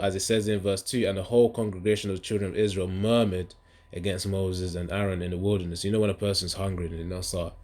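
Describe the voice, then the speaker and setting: A man's voice: deep voice, a little mellow. A man giving a casual, rambling scripture talk. He often stops to search for verses and reads them aloud with rising emphasis. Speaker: bible teacher.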